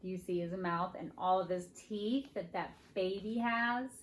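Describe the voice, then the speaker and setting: A woman, a preschool teacher, reading a children's picture book aloud in a playful, animated way and asking the listeners questions. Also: medium pitch, unhurried. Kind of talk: children's storybook read-aloud. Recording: faint background noise. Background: dog barking now and then.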